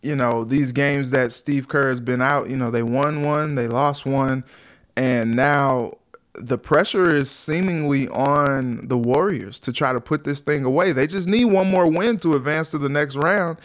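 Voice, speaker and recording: A man co-hosting a casual sports talk show, lively and acting out what players and fans might say. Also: medium pitch, unhurried. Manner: animated, acts out quotes of players and fans. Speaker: co-host.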